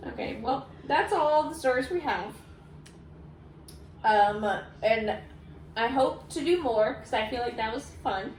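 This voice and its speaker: A woman vlogger reading stories aloud in a casual, animated way, often laughing. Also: a little high, unhurried, a little hiss or hum. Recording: echoey room.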